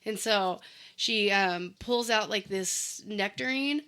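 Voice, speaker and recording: A woman's voice: medium pitch, slow, bright, forceful tone, smooth. A woman co-hosting a casual movie recap chat, chatty, full of likes and ums as she quotes characters. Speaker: podcast co-host.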